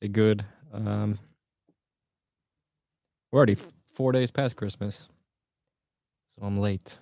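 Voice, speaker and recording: A man's voice: lowish voice, steady tone, slow pace, warm tone, dry recording, studio quality. A man from the United States chatting casually on a livestream, joking and answering viewer comments.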